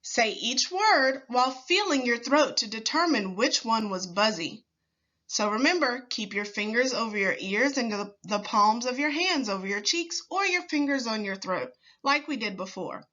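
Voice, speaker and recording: A woman teacher leading a slow, clear phonics lesson for young children, patiently sounding out words with deliberate pauses. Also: fairly high pitch, lively intonation, sharp tone, muffled recording.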